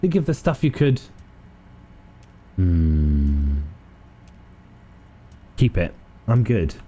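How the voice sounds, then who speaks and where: A man reading game narration aloud during a playthrough, in a slightly low, mellow voice. His delivery is wry and expressive, leaning into the dark humor of the text. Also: drawn-out words, breathy edge. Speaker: video game player and narrator.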